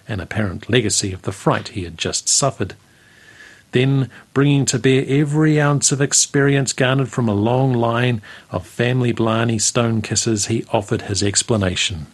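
A man reading a country story aloud in a steady, unhurried way. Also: lowish voice, slightly rough.

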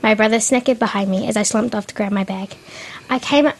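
A woman reads a first-person story aloud in a plain, unpolished way, frequently stumbling over words and starting them again. Her voice sits at a medium pitch and moves fairly quickly.

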